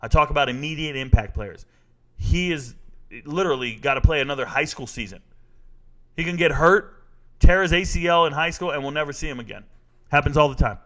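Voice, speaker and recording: A man's voice: fairly high pitch, expressive, a little fast, fairly bright tone. A man in his forties hosting a casual live sports talk show, reading viewer comments and telling stories in a blunt, joking, slangy manner.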